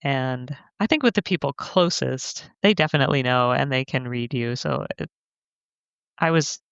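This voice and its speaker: A woman's voice: a bass voice, moderate pace, vocal fry, clean tone, no room sound, dull audio. A woman guest on a podcast, speaking candidly in a reflective conversation, laughing easily and acting out remarks she quotes. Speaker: guest author.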